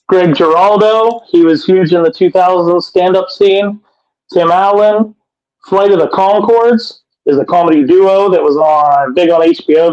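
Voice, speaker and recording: A man's voice: high voice, a little mellow. A man co-hosting a podcast, running through names in a matter-of-fact way. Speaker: podcast co-host. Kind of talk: casual podcast chat. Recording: dull lo-fi sound.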